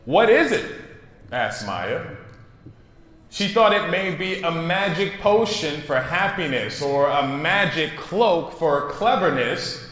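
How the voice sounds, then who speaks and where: A man's voice: fairly high pitch, animated, slow, a bit bright. A man reading a storybook aloud to children in a school classroom, playful and chatty, asking the kids questions. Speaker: news presenter reading to children. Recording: echoey room with long reverb.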